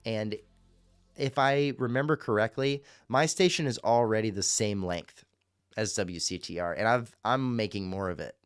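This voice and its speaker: A man's voice: medium pitch, clear, resonant tone, no room sound. A man hosting a fan-made radio show, chatting casually on a livestream in a rambling, profane way while answering chat.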